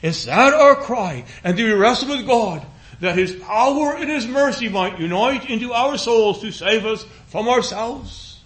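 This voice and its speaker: A man with a very high, expressive voice preaches a sermon in an earnest, pleading cadence. He repeats phrases and slows into a hushed voice when he reaches scripture.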